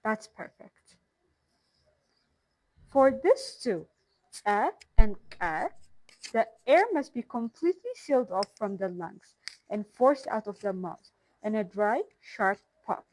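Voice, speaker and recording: A woman hosting a language channel, slowly sounding out letters and syllables in a pronunciation lesson. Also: mid-range voice, lively intonation, darkish tone. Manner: slow, careful, sounding out each syllable. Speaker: language teacher and channel host.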